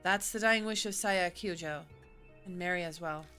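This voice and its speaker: A woman's voice: on the low side, normal speed, a bit bright, faint music behind. A woman streaming a visual novel, reading its lines aloud and chatting between them. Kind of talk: casual game stream, reading dialogue with character voices.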